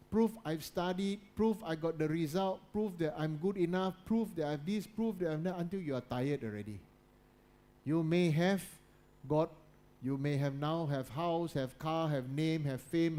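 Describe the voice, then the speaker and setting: This motivational talk to students comes from a guest speaker, a man whose voice sits slightly high. He circles back on the same phrases, keeps asking whether listeners agree, and regularly lowers his voice to a quiet register for effect.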